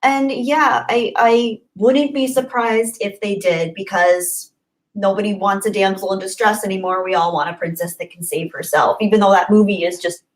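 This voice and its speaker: A woman hosting a casual livestream, chatty and upbeat, thanking viewers by name and often trailing off softly. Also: lowish voice, low-quality recording. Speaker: livestream host. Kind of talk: casual live chat reading comments.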